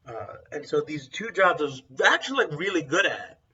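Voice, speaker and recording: A young man rambles bluntly in casual chat, with lots of fillers and restarts. His voice is somewhat high and bright. The recording sounds dull and a little far from the mic. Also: sing-song, moderate pace. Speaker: co-host.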